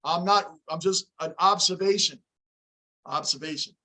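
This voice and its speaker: Hoarse, excitable sports fan host. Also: male voice, normal speed. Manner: excitable, shouts at the game, high emotion; chats with viewers by name, off topic. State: hoarse, voice worn out from yelling. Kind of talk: casual live reaction chat.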